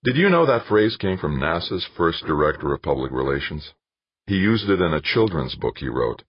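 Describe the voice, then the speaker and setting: A man voicing a skeptical, weary male company boss who sounds gruff and doubtful. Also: sits low, big pitch swings, normal speed, no echo, heavily acted. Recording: dull lo-fi dry recording.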